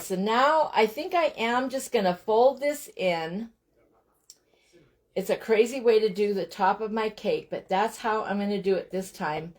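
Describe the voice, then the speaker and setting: A woman's voice: medium pitch, a little mellow. Chatty woman hosting a live craft demo. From Montana. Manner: chatty, greets viewers by name, frequent "you guys". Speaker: craft livestream host. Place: home craft room.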